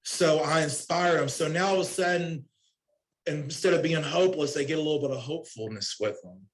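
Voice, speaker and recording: A man's voice: on the high side, fairly quick, rough recording. A middle-aged man speaking at a conference, telling casual, earnest stories about his work in recovery and often repeating lines of dialogue. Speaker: recovery counselor speaking at a summit. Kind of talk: conference talk, personal storytelling.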